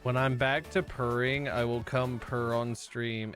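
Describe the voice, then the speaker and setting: Guy streamer just chatting, unhurried, goofy and wandering, mid-pitched voice, a bit of music in the back. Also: little pitch movement, fairly bright tone. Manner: rambling, playful, easily sidetracked. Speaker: live streamer. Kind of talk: casual live-stream chat with viewers.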